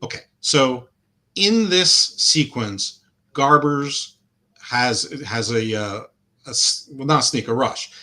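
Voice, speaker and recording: A man's voice: mid-range voice, sharp tone. A middle-aged man co-hosting a sports podcast, talking casually and with opinions, rambling with fillers and restarts. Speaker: podcast co-host.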